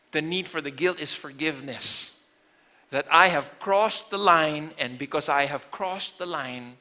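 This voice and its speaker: Bright-voiced man preaching a sermon. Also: mid-range voice. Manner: earnest preaching, swings between loud emphasis and quiet. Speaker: pastor.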